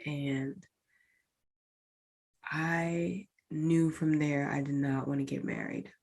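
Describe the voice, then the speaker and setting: A woman's voice: low voice, steady tone, slow, vocal fry, a little mellow. A woman podcast host recounting a painful personal experience in a candid, emotional way, speaking directly to her listeners. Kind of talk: personal storytelling.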